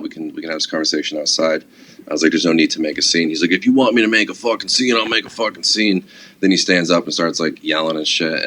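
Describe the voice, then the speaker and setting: A man's voice: rumbling low, a bit bright. A man guest on a podcast, telling stories in a casual, profane way with lots of fillers. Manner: casual, profane, laid-back storytelling with many fillers. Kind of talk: casual chat.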